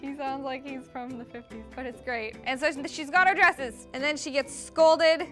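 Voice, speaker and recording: A woman's voice: high voice, steady tone, moderate pace, a bit bright, faint music behind. A woman hosting a comedic cartoon recap in a sarcastic manner, swearing casually. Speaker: show host.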